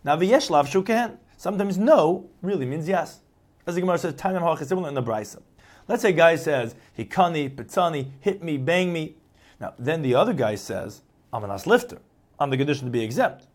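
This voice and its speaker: In this Talmud lecture, a man with a fairly high, expressive voice speaks a little fast. He reads each phrase and then translates it into plain English, shifting his tone to perform the replies being quoted.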